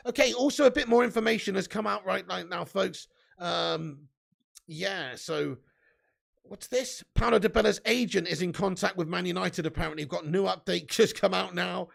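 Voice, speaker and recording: Young man, live-stream host, high gravelly voice, sweary banter. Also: moderate pace. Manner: banter with frequent swearing and laughter. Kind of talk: casual live-stream chat.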